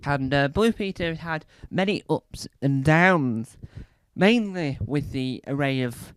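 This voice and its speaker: A man doing stand-up, telling a rambling comic story with animated, swooping intonation. His voice sits fairly high and comes through smooth and resonant. The sound is close and dry. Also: slow pace, dry recording. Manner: animated, rambling, acts out bits. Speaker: stand-up comedian. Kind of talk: comedic storytelling monologue.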